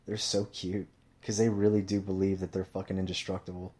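Profane rambling man, low voice. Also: a little fast. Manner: rambling, swears constantly, animated storytelling. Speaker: commentator. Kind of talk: profane casual monologue.

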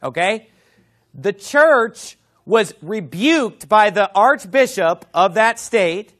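A male pastor delivers a sermon in a fairly high voice that swoops up and down with animation. He talks emphatically and turns to the congregation with quick conversational asides. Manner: emphatic, lively preaching with asides.

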